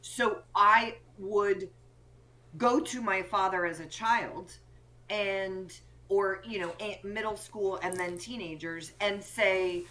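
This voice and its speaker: Bright clear woman, coach type, talking earnestly on a podcast. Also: medium pitch, fairly even intonation, slow. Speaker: co-parenting coach, guest. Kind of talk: conversational interview.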